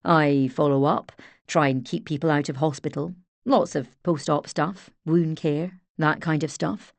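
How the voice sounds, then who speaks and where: A woman reading an audiobook, voicing a gentle young man with a Scottish Highlands accent, plain-spoken. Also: fairly even intonation, measured pace, dry recording.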